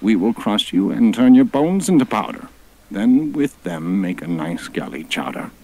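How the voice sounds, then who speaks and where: A man's voice: on the low side, very animated, normal speed, gravelly, darkish tone, slightly rough, voice pushed up, full character voice, rough recording. A man voicing a gang of boastful, menacing male predator dinosaurs who hurl taunting threats.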